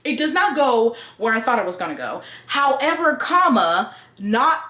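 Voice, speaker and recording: A woman reviewing books in a casual, blunt, expressive way and swearing freely. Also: a little high, normal speed, roomy sound. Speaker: book reviewer.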